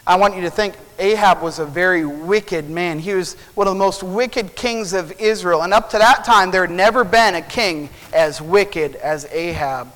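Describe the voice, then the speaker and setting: A man's voice: high voice, moderate pace, few pauses, fairly bright tone, in a large hall, low-quality recording. A male preacher giving a sermon, retelling a Bible story and asking rhetorical questions.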